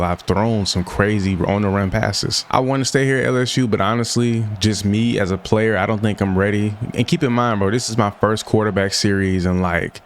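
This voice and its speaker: Young guy, kinda low voice, complaining thru his football game, gets loud at bad plays. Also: a little hiss or hum. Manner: frustrated, venting, exclaims at plays. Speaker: gaming YouTuber. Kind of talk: casual gameplay commentary.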